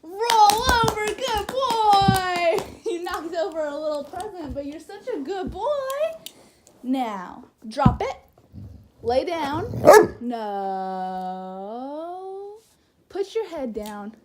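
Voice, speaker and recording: A young woman coos at her dog in a high, swooping, sing-song voice. She talks slowly and drags out her praise, laughing often. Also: animated, heavy background noise. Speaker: vlogger. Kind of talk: casual home video, talking to her dog. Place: home living room.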